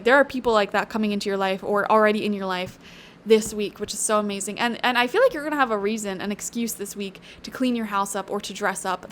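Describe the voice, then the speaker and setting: A woman's voice: mid-range voice, fairly bright tone, a little hiss or hum. A woman doing a casual tarot reading to camera, chatty and emphatic, drifting into earnest pep talks and tossing in "okay?" and "you know". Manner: tangential, earnest pep talk. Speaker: tarot reader.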